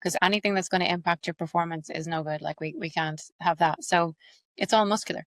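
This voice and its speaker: Woman, Irish accent, accent coach, quick lively explainer, slightly low voice. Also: no room sound. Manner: fast, animated, explains with examples. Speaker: accent coach and actress, guest. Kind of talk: explanatory interview talk.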